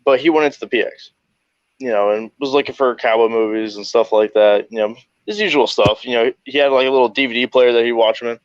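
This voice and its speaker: A veteran spins a war story with loose, animated energy, laughing and swearing as he goes. His voice sits at an ordinary middle pitch. The recording is dull and lo-fi, dry with no room sound. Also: quick pace, no room sound. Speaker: podcast guest, army veteran. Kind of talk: casual storytelling.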